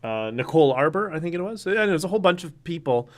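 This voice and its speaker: A man's voice: on the high side, lively intonation, fast talker. Rambling man hosting a livestream. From Canada. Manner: rambling, many fillers and restarts. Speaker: livestream host. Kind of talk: casual solo livestream reading viewer comments.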